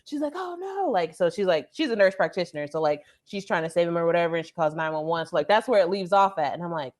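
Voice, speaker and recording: A woman's voice: lowish voice, fast. Woman telling a story, full of "like". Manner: animated storytelling, lots of "like". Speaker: podcast co-host. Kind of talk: casual podcast chat.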